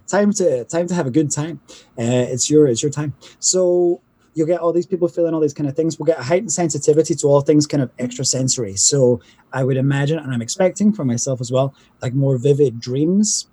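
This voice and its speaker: Relaxed man with a soft husky voice. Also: a little high, a little fast, dry recording. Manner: chatty, laughs often, swears casually. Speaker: podcast guest. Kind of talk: casual chat.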